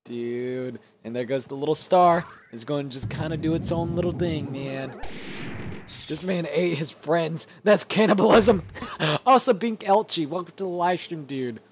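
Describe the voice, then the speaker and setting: A young man giving live, profane commentary while playing a video game, often shouting in excitement. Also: on the high side, moderate pace, slight background noise. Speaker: gaming streamer.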